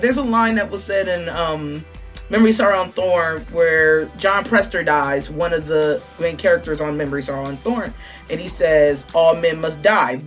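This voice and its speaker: A woman's voice: mid-range voice, fairly bright tone. Woman ranting on her channel, fired up, swears a lot, sarcastic, normal mid voice. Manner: heated, profane, sarcastic. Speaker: channel host. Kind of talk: ranting commentary.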